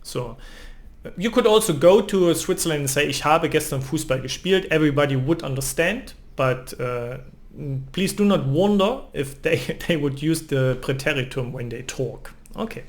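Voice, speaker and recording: A man with a German accent explains a language lesson in English. His voice sits a little higher than usual for a man, and he keeps tagging his sentences with a questioning "no?". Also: moderate pace. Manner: ends phrases with a questioning "no?". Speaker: language teacher.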